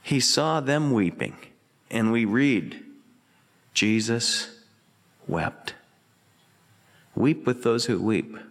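Earnest pastor preaching in a reverberant hall. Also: male voice, medium pitch, expressive, extremely slow, long pauses. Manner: earnest, rises and falls between emphatic and hushed. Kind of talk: radio sermon. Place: church sanctuary.

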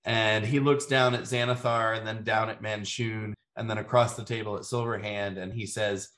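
A man narrating a tabletop game as game master, calm with frequent ums. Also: lowish voice, moderate pace, hardly any pauses. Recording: echoey room.

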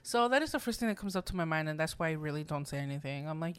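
A woman's voice: low-pitched, animated, racing, clear, resonant tone. A young woman co-hosting a casual podcast, speaking bluntly and candidly, swearing casually and laughing along. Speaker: podcast co-host. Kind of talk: casual chat.

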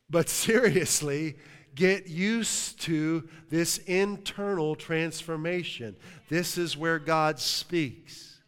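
Animated storytelling pastor in a reverberant hall. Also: male voice, on the high side, smooth. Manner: animated storytelling, jokes and laughs with the congregation. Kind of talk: sermon. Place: church sanctuary.

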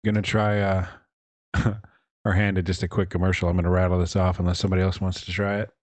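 A man's voice: low voice, level tone, quick pace, no echo. A man hosting a casual podcast over an online voice call. He tells crude jokes and cracks himself up. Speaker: podcast host. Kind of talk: casual chat among friends.

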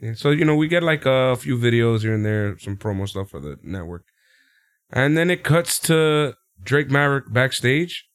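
A man's voice: moderate pace, no room sound, studio quality. A man casually recapping a wrestling show and acting out quotes. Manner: animated, laughs often, acts out quotes in high voices. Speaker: podcast co-host recapping wrestling. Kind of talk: casual chat.

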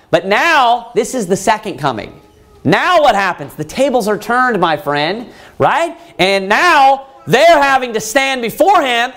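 Guy preaching, high voice that jumps all over, keeps asking questions, gets loud on the quotes. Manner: emphatic, rhetorical questions, voices pleading characters. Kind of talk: sermon with scripture reading.

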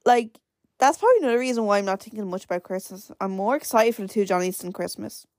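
A woman's voice: mid-range voice, animated, fast, a little mellow, no echo. Young irish girl podcasting, chatty n rambly, dead dry sound. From Ireland. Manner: rambling, chatty, many "like" fillers. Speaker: podcast host. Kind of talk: casual solo podcast chat.

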